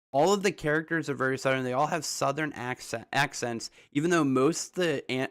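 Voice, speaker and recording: A man's voice: medium pitch, fairly bright tone. A young man streaming a reaction, theorizing in casual rambling commentary full of restarts and rhetorical questions.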